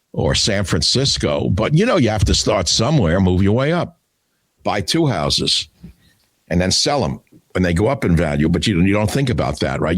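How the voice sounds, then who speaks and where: A man's voice: on the low side, no echo. An older man hosting a talk radio show, delivering a combative, scornful solo monologue. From United States.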